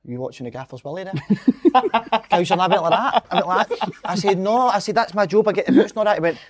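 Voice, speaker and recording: A man's voice: high voice, a little fast. A man, a former footballer telling stories in a casual chat, laughing along as he goes. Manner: laughs through his own stories, sweary.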